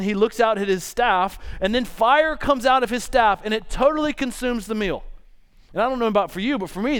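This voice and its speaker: High, smooth-voiced man preaching casually. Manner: casual, joking retelling with quick asides. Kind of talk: sermon.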